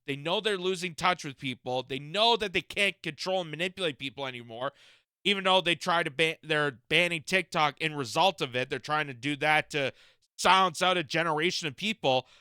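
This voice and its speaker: A man's voice: on the high side, a little fast, pushed and bright, smooth, no room sound, studio quality. A man giving indignant, emphatic reaction commentary on a political interview clip.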